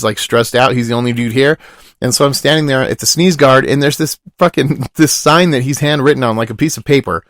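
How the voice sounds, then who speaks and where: Young dude rambling thru a story, cusses a lot, gravelly voice, super dry close sound. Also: male voice, no echo. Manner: rambling, profane, quotes people in lowered voices. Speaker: podcast host. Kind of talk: casual storytelling.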